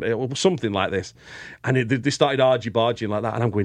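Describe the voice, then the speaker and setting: A man from England with a British accent, a guest telling lively anecdotes in casual chat and laughing often. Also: mid-range voice, quick pace, no room sound, clean studio sound. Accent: British English. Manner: animated storyteller, laughs often.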